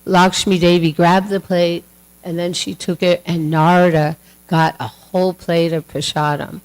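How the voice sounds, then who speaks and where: A woman's voice: lowish voice, little pitch movement, unhurried, rough recording. A woman telling a devotional story to a class in a chatty, casual way with many fillers, acting out the voices. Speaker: class speaker.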